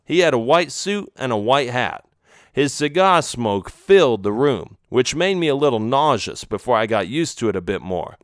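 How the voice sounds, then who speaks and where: A man reads a children's adventure story aloud in the first person, his pitch moving in a lively way. His voice sits in a middle register, and the recording is dry and close with no room sound. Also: moderate pace, no echo. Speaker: audiobook narrator. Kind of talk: storybook narration.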